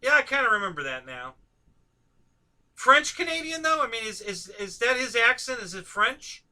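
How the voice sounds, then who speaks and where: A man with a high, very bright voice hosts a relaxed live stream conversation. He talks in a loose, chatty way, often laughing and tossing questions to the people he is talking with. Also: fairly quick. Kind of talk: casual chat on a live stream.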